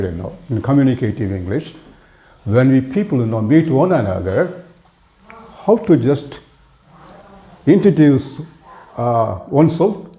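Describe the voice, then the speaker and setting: A man's voice: medium pitch, dark tone. A man with an Indian accent teaching spoken English to viewers, rambling earnestly with many "you know" fillers. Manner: earnest, addresses viewers directly.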